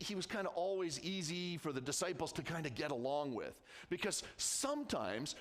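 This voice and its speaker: A man's voice: sits high, fairly bright tone. A man with a Canadian accent preaching a sermon to his church, conversational and emphatic, repeating phrases and restarting himself. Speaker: pastor.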